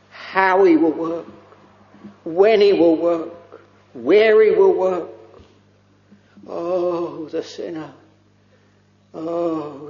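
Slow fervent preacher, gravelly voice. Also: male voice, high-pitched, darkish tone, big-room sound, dull audio. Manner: slow, fervent, drawn-out delivery with many "oh"s. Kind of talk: sermon.

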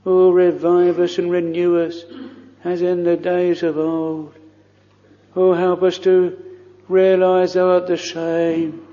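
Leading prayer from the pulpit, a man of the cloth pleads earnestly in antiquated, formal phrases, his slow delivery held level throughout. His voice is mellow and somewhat higher than average for a man, captured lo-fi amid a church hall's lingering reverb.

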